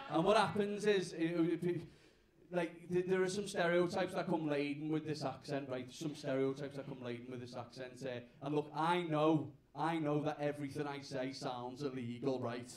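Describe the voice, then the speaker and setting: Scouse lad in his twenties doing stand-up, a bit high voice, echoey club room, loud crowd noise. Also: moderate pace. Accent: Liverpool (Scouse). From north of England. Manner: rambling, self-mocking, chatty with the crowd. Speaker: stand-up comedian. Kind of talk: stand-up comedy set. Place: comedy club stage with live audience.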